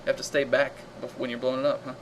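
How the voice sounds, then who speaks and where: A man hosts a live game stream, chatting casually, reacting loudly to the action, and reading viewer comments aloud. His mid-range voice is level in tone and rapid-fire, with slight background noise on a rough recording.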